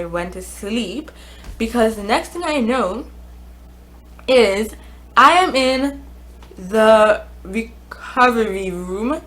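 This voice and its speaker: A woman's voice: medium pitch, rough recording. A woman vlogger telling a casual storytime, chatty, with many fillers and restarts.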